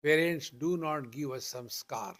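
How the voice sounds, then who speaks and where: An older man with an Indian accent gives a spiritual discourse, slowly repeating rhetorical questions. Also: fairly high pitch, a bit bright. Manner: slow, deliberate, repetitive teaching with rhetorical questions. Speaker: spiritual teacher.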